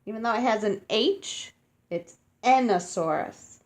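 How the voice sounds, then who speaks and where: Woman, picture-book reader for children; a slightly high voice, unhurried, sounds out tricky names. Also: expressive. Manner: explains words and asks children questions as she reads; slow and careful, sounding out hard names.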